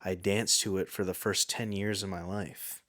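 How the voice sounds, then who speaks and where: A man's voice: low voice, normal speed. A man hosting a comedy podcast, rambling through a story in casual chat with lots of fillers. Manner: rambling, animated, filler-heavy. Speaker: podcast host.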